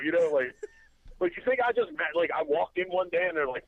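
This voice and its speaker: A man's voice: sits high, lively intonation, quick pace, dry recording. A man, a wrestling promoter, telling road stories in a rambling casual chat, with many restarts and acted-out quotes. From Delaware. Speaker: podcast guest, wrestling promoter. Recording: dry tinny phone-line sound.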